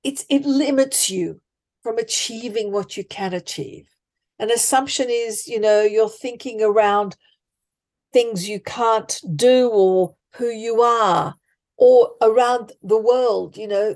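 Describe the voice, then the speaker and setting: A woman life coach, speaking emphatically and deliberately as a podcast guest. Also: on the high side, darkish tone. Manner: emphatic, deliberate, acts out example thoughts. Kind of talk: conversational coaching talk.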